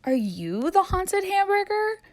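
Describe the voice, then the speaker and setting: A woman's voice: extremely high pitch, big pitch swings, measured pace, voice pushed up, heavily acted. A woman voicing a boastful young girl ghost in a storybook reading. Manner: bragging, indignant.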